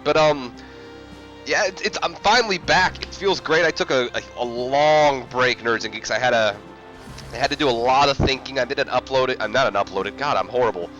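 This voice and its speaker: A man's voice: mid-range voice, moderate pace, fairly bright tone, highs cut off, soft background music. A man giving casual video game commentary as a let's play host, rambling and self-mocking with many fillers.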